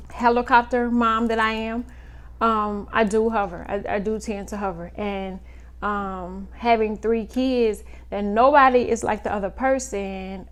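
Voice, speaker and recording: A woman in her thirties, a mother, talking through a personal story slowly with many fillers and pauses. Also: a little high. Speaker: mother vlogger. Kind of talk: personal reflective monologue.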